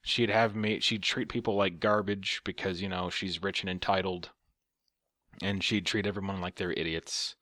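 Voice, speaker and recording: A sarcastic man rants to the camera in a casual vlog, swearing freely. His voice sits on the low side, close and dry with no room around it. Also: steady tone, moderate pace, pushed and bright, no echo. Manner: sarcastic and profane. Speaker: vlogger. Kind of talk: casual storytelling rant.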